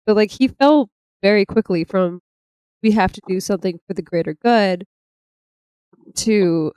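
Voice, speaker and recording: A woman co-hosting a podcast, retelling a comic in casual chat, animated and laughing often as she acts out the characters' lines. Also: medium pitch, unhurried, pauses often, clean tone, no echo. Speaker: podcast co-host.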